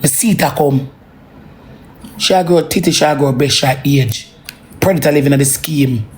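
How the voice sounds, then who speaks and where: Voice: mid-range voice, darkish tone, slight background noise. Ranting parent with a Jamaican accent. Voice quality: heavy cursing, swings between slow brooding and heated outbursts. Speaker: social media livestreamer. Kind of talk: emotional ranting monologue.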